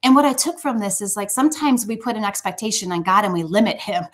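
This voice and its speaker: A woman's voice: a little high, quick pace, hardly any pauses. A woman giving a sermon in a conversational, emphatic way, often restarting her phrases. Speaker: speaker at a church.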